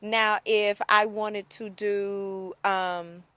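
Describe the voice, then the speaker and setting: A woman's voice: mid-range voice, little pitch movement, drawn-out words, a bit bright, dry recording. A woman giving a casual video lesson on Spanish, upbeat and chatty, often checking in with "okay?" and "right?". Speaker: Spanish teacher.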